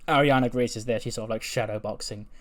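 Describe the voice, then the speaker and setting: A man's voice: medium pitch, steady tone, quick pace, fairly bright tone. A man casually recapping a wrestling show, chatty and full of fillers.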